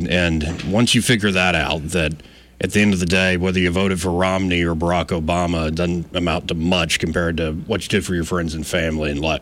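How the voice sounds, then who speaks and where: A man's voice: low voice, a bit bright, slight background noise. A man hosting a radio talk show, chatting casually and reading a sponsor ad in a folksy, loose way.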